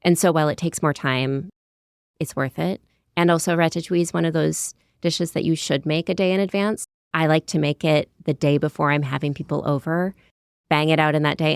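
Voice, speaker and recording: A woman's voice: low-pitched, smooth, no echo, studio quality. An American woman in her thirties, a cookbook author chatting in an interview, descriptive with many "like" and "you know" asides. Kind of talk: conversational interview.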